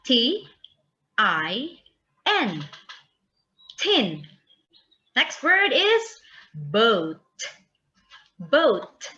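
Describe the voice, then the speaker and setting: Slow, bright-voiced woman teaching kids. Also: fairly high pitch, wildly swooping pitch, highs cut off. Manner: slow, drawn-out spelling aloud for kids. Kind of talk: children's vocabulary lesson.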